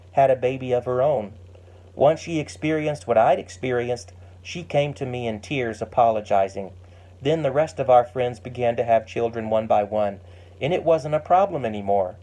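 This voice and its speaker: A man's voice: medium pitch, dark tone, close to an everyday voice, low-quality recording. A man reading a patient, wise mother. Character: kind, wise mother calmly teaching her grown daughter.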